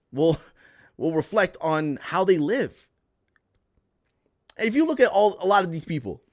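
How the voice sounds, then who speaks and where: A man with a somewhat high voice hosts a casual livestream podcast. He talks loudly and with a lot of animation. He circles back on his own phrases as he chats with his viewers. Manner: loud, animated, repeats himself. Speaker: podcast host.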